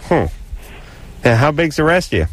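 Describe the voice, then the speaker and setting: A man's voice: fairly high pitch, sing-song, normal speed. Sardonic male radio co-host. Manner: sardonic, rambling storyteller. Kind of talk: casual radio chat.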